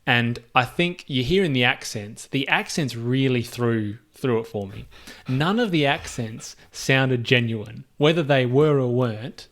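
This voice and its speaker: A man's voice: mid-range voice, measured pace, a bit bright. A man co-hosting a podcast, chatting casually about a film in a laid-back, agreeable way. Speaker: podcast co-host. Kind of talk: casual movie review chat.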